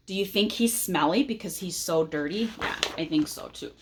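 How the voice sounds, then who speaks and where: A woman reading a picture book aloud to children, pausing to ask them questions in a gentle, teacherly way. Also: mid-range voice, wildly swooping pitch.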